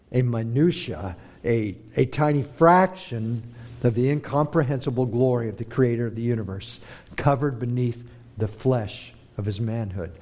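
Man preaching with dramatic hushes and swells. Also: medium pitch. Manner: dramatic, swings between hushed and forceful emphasis. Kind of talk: sermon.

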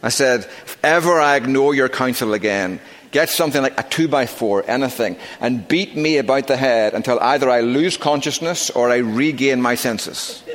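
A middle-aged man preaching a sermon as pastor, emphatic, slowing down to stress key words. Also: medium pitch. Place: church sanctuary. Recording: long reverb of a church sanctuary.

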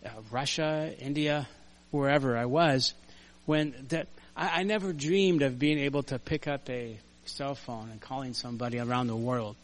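An older man preaching a conversational sermon in a church, earnest and story-driven, dropping to quiet asides and rising to loud emphasis. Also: mid-range voice, fairly even intonation, moderate pace. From United States. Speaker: pastor. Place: church sanctuary.

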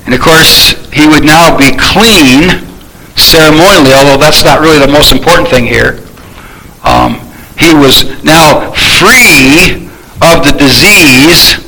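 A man's voice: fairly high pitch, takes it slowly, sharp tone, low-quality recording. A man preaching a sermon in a conversational teaching manner, reading Bible verses and then explaining them while asking his listeners questions.

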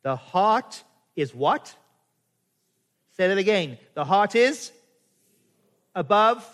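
High-voiced pastor preaching in reverberant hall. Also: male voice, expressive, slow pace, fairly bright tone. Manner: conversational, asks the congregation many rhetorical questions. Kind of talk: sermon. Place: church.

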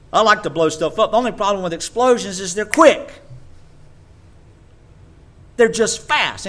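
A man preaching a sermon in an animated way, sometimes mocking others in a high voice.

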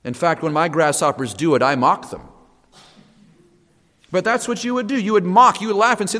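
A man preaches with emphasis in a fairly high voice, often repeating his key phrases. He moves between hushed lines and loud ones. His voice carries a long reverb, as in a church sanctuary. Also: moderate pace, pauses often. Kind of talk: sermon.

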